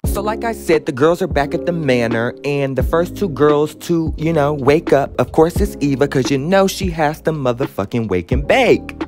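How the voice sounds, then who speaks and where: A man's voice: a little high, lively intonation, normal speed, hardly any pauses. A man hosting a casual recap podcast, talking brashly with plenty of swearing and chatty asides. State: out of breath. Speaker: podcast host recapping a reality show. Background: music playing underneath.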